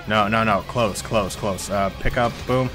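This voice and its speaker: A young man streaming a game, chatting excitedly, yelling at characters and swearing when things go wrong. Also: lowish voice, unhurried, music in the background. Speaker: gaming streamer. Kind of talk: live gameplay commentary.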